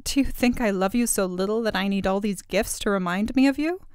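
A woman's voice: mid-range voice, brisk, darkish tone, clear, resonant tone, dry recording, clean studio sound, close to an everyday voice. A woman voicing a sorrowful imprisoned young princess, speaking plaintively in a storybook reading. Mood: reproachful. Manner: plaintive, lamenting.

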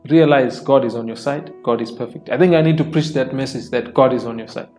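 With soft worship music beneath him, a man of medium pitch delivers a sermon slightly quickly. He reads passages of scripture aloud and explains them simply, repeating phrases for emphasis.

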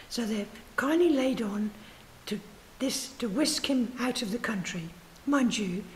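A woman's voice: on the high side, slight background noise, lightly acted. A woman voicing a cheeky young male art forger who talks in a breezy, reassuring way.

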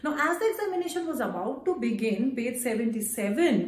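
A woman's voice: on the high side, big pitch swings, fairly quick, echoey room. A woman with an Indian accent teaching an English chapter to students, switching between English and Hindi and stressing key points. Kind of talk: explaining a school chapter.

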